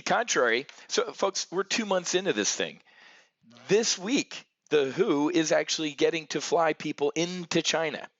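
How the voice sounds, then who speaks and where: A man's voice: mid-range voice, a bit bright, no echo, dull audio. A man hosting a market briefing, talking brashly and sarcastically to his viewers, calling them folks. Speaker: market commentary host.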